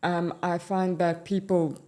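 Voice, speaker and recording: A woman from South Africa with a South African English accent, co-hosting a podcast and talking frankly and in a measured way about her own experience. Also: lowish voice, little pitch movement, a little mellow. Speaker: podcast co-host. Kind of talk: candid conversational podcast chat.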